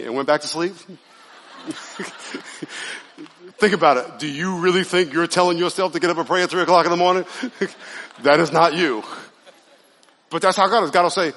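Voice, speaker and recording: A man preaching to his congregation in a loose, conversational way, often asking them to respond. His voice sits a little high for a man. It rings with the long echo of a large hall. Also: normal speed, pauses often. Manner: conversational, animated preaching with audience call-and-response. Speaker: pastor. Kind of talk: sermon. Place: church sanctuary.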